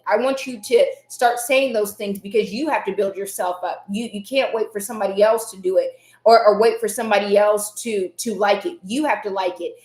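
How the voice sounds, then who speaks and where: A woman hosting a live self-help stream, speaking earnestly in repeated, emphatic affirmations, her voice a little raspy at times. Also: medium pitch, steady tone, fairly quick, a little mellow, echoey room. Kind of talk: motivational live-stream talk.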